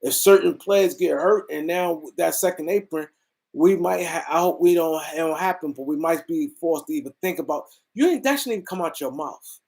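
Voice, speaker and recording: A gravelly, slightly mellow man with a voice on the high side talks at normal speed. Hosting a casual sports show, this US East Coast speaker rants with emphasis, rambling and repeating himself.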